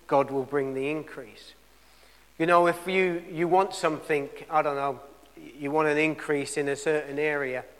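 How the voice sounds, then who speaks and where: A male preacher delivering a sermon in a church, swinging between loud emphatic peaks and quiet asides. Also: fairly high pitch, long reverb tail.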